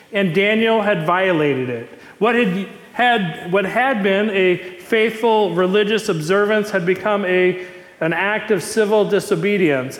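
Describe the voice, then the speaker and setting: High-voiced man preaching in an echoey hall. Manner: animated storytelling with emphatic repetition. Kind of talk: sermon.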